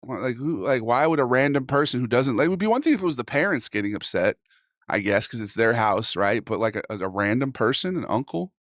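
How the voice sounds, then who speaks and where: A man hosts a casual livestream, reading posts aloud and firing back at his chat with jokey, profane banter. His medium-pitched voice is animated, fairly quick and a bit bright, captured at studio quality with no echo. Instrumental music plays under the talk.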